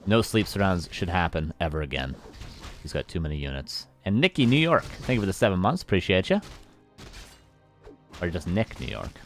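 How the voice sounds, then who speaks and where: A man's voice: sits low, lively intonation, normal speed, pauses often, faint music behind. A Canadian man casting a live strategy game match, chatty and self-mocking, thanking viewers by name between plays. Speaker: esports caster.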